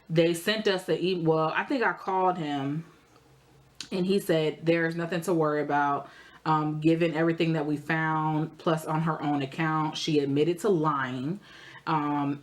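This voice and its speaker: A young adult woman, telling a story in a casual, animated way while eating, her voice jumping high for emphasis. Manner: animated, expressive storytelling with sudden high jumps in pitch. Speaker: vlogger.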